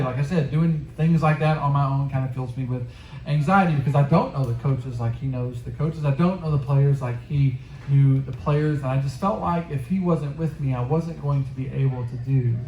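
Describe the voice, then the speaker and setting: Man, youth sermon, conversational and earnest, mid-pitched, echoey room. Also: dark tone, slight background noise. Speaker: youth pastor. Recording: roomy echo.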